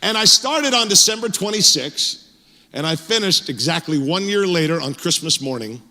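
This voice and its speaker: A middle-aged male pastor preaching a sermon, telling a personal story in an animated, conversational way with fillers and restarts, recorded on a stage mic in a church sanctuary. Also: fairly high pitch, normal speed. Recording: echoey church hall.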